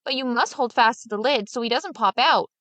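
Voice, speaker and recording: A woman's voice: on the high side, brisk, fairly bright tone, no room sound, close to an everyday voice. A woman voicing a clever, scheming peasant man who talks in a sly, coaxing way, in a storybook reading.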